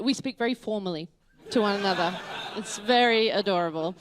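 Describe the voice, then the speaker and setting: A woman with a fairly high, slightly bright voice does a stand-up set on a comedy club stage in front of a live audience. She's Australian and speaks at a measured pace, pausing often as she rambles, cuts herself off, and laughs her way through lines.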